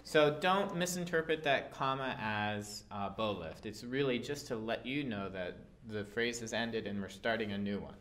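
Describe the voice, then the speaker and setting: A man's voice: on the low side, normal speed, few pauses, over music. Patient male violin teacher. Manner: patient, instructive, with fillers. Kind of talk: instrument lesson.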